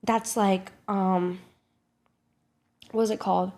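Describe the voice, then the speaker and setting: A young woman streamer telling a story in a casual vlog, quick and animated, full of fillers and swearing, acting out what others said. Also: medium pitch. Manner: animated, swearing, filler-heavy, acts out quotes.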